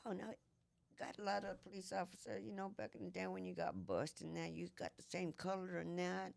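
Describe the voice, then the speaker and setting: A woman's voice: lowish voice, level tone, brisk, vocal fry, darkish tone, dry recording. A woman co-hosting a casual live stream, mostly giving short, conversational agreeing replies.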